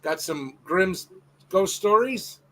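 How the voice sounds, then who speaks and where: A man hosting a live stream, chatting casually and excitedly about comic books. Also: sits high, takes it slowly. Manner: enthusiastic, slangy, exclaiming. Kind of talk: casual chat.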